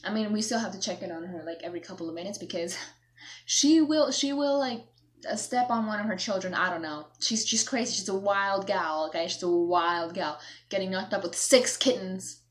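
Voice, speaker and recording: A woman's voice: medium pitch, expressive, fairly quick. A young woman vlogging, telling a story in a rambling, self-mocking way, acting out herself and her mom. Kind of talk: casual storytelling to camera.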